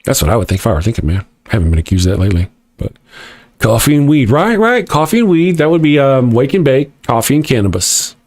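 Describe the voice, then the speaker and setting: A man's voice: mid-range voice, sing-song, fast talker, darkish tone, no room sound, clean studio sound. A man hosting a casual livestream and reading chat aloud, joking and sarcastic with rambling asides.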